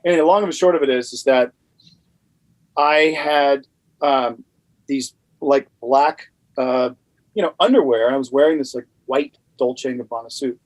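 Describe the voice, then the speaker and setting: A man's voice: medium pitch, normal speed, rough recording. A man from Louisiana telling a rambling anecdote as a podcast guest, with lots of fillers. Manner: animated, rambling with many fillers. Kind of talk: casual storytelling.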